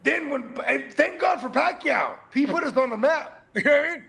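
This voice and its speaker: Gravelly high-voiced joking man. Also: lively intonation, a little fast. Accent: Northern California. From California. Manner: loud, joking, swears freely. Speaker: co-host. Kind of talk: casual chat.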